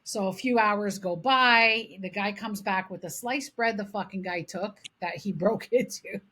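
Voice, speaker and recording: A middle-aged woman from Canada co-hosting a podcast, telling animated stories in casual chat and swearing freely. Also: medium pitch, a little slow. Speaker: podcast co-host.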